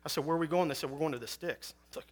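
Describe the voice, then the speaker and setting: A man's voice: fairly high pitch, very fast. A man in his forties from Chicago, preaching as a guest speaker with personal testimony, conversational, with joking asides and frequent fillers.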